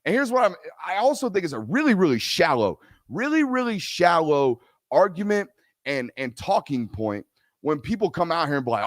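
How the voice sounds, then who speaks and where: Hosting a live sports talk show, a man rants in an animated way, repeating himself for emphasis before taking audience questions. His voice is a little high at a moderate pace, recorded in studio quality with no room sound.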